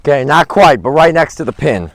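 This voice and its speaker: A man vlogging a round on an outdoor disc golf course, chatting and rambling on a handheld camera, with excited outbursts at his throws. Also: on the high side, a little fast, no echo. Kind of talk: casual commentary while playing. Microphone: handheld camera without a gimbal.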